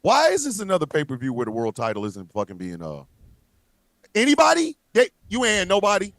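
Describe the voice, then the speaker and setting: Angry profane man ranting, high lively voice. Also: brisk, creaky, no echo. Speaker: co-host. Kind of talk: heated livestream rant.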